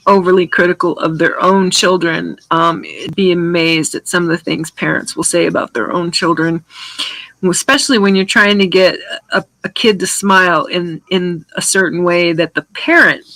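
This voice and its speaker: A woman's voice: on the low side, a bit bright, no echo, rough recording. A middle-aged woman chatting casually while she paints on a live stream, rambling with many restarts and answering viewer comments.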